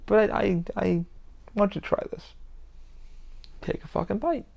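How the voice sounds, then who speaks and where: A man's voice: high voice, lively intonation, a little slow, creaky, a little mellow, lo-fi sound. A man hosting his own podcast, talking in a heated, rambling monologue with constant swearing. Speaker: podcast host. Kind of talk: casual monologue.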